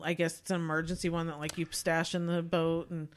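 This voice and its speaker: A woman co-hosting a podcast reviews a movie in a chatty, meandering way, packed with fillers. Her voice sits low and her delivery is flat and a little fast, in a casual conversational tone.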